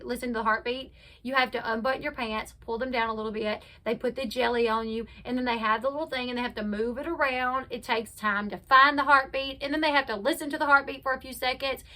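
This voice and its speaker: A woman's voice: high-pitched, pushed and bright. A young adult woman hosting casual reality TV commentary, chatty and opinionated, retelling scenes and acting out the quotes.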